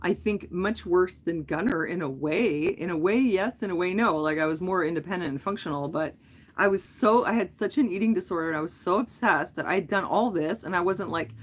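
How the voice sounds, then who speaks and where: Speaking briskly in a fairly low voice, the middle-aged livestream host rambles through a long story. She keeps it casual, with plenty of fillers and self-corrections.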